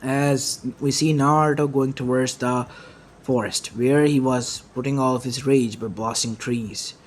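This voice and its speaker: Man, amateur story narrator, halting phrasing, mid pitch. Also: steady tone, slight background noise. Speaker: fan fiction narrator.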